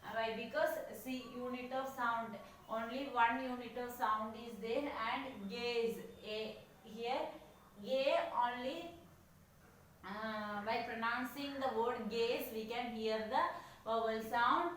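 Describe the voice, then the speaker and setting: A woman teacher giving a lesson, slowly repeating each word as she counts syllables. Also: fairly high pitch, steady tone, a bit bright, recorded from a distance. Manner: slow, repeats each word many times. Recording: echoey room, voice from afar, faint noise.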